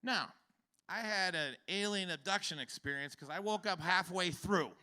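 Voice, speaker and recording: A man in his fifties telling a stand-up comedy story on stage, acting out other people's lines and breaking into shouted exclamations. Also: high voice, moderate pace. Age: 50s. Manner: animated, acts out characters with shouted exclamations. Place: comedy stage before a live audience.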